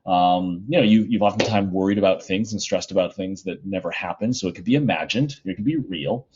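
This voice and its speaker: Low-pitched middle-aged guy teacher, chatty home lesson, lots of ums, kinda muffled recording. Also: fairly quick, noisy background. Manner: casual, chatty, many fillers. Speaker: high school psychology teacher.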